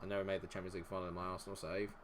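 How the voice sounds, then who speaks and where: Speaking very fast in a level, low-pitched tone, this man streams a football management game live with background noise behind him. Exasperated, he swears openly at the game, groans at the match, and talks with his audience as he plays.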